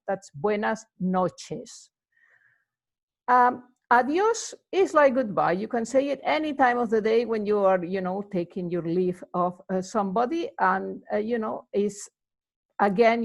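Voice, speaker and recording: A woman giving a casual, rambling lesson, full of fillers as she explains greetings. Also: medium pitch. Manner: chatty and rambling, many fillers. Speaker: Spanish teacher.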